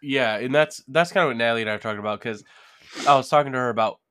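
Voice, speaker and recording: A man's voice: mid-range voice, rapid-fire, pushed and bright. A man co-hosting a podcast, speaking earnestly and conversationally about faith, often saying "you know". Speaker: podcast co-host. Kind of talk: casual faith discussion.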